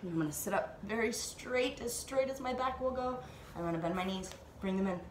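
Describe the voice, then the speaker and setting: A woman teacher guiding children through a slow, playful yoga flow with animal sounds, recorded at home. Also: medium pitch, roomy sound, a little hiss or hum. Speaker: Montessori teacher leading kids' yoga. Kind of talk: gentle guided yoga instruction for children. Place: at home, dog nearby.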